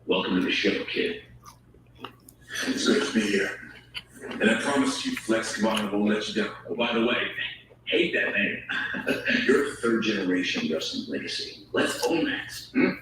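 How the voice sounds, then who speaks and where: An actor delivering scripted TV drama dialogue, played from a television and picked up across a room. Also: male voice, fairly low pitch, normal speed, pauses often, far from the mic, background noise, natural voice. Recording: TV audio heard across an echoey room.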